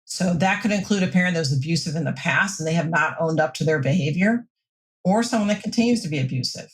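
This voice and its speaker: A woman mental health counselor giving steady, reassuring advice in a podcast interview. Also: deep voice, fast.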